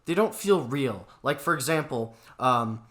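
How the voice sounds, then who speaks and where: A man's voice: mid-range voice, animated, a little slow, a bit bright. A young man hosting a casual movie review chat, rambling and packing his talk with fillers. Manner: rambling, heavy use of "like" and fillers. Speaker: channel host.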